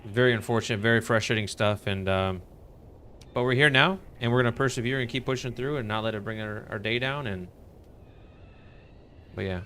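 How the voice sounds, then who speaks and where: Over slight background noise, a man speaks briskly in a mid-range voice that sounds pushed and bright, leaving long pauses. He's a laid-back game streamer chatting casually with his audience and greeting chat members enthusiastically.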